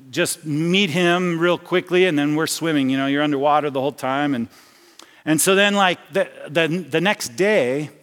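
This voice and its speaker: In a church sanctuary with a big-room sound, a pastor with a high, fairly bright voice preaches a sermon. He speaks conversationally, repeatedly restarting his phrases and sharing personal anecdotes.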